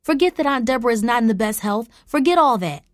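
A woman's voice: a little high, animated, fast talker, no echo, studio quality, voice pushed up, close to an everyday voice. A woman putting on a fuming scolding mother. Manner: scolding, loud and indignant. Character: angry exasperated middle-aged mother.

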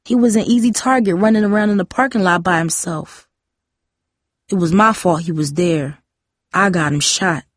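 A woman voicing a shaken teenage boy who blames himself, speaking in a halting, guilt-ridden way. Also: fairly low pitch, no echo, studio quality, lightly acted.

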